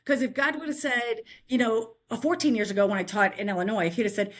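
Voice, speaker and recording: A middle-aged woman telling a faith-filled personal story as a guest, animated and chatty, often checking in with "right?". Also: a little high, quick pace, few pauses.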